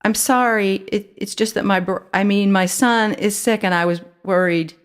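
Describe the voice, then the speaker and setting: A woman's voice: medium pitch, fairly even intonation, moderate pace, clear, resonant tone, voice pushed up, close to an everyday voice. A woman voicing a panicky girl posing as a grown woman, stammering and flustered when she talks.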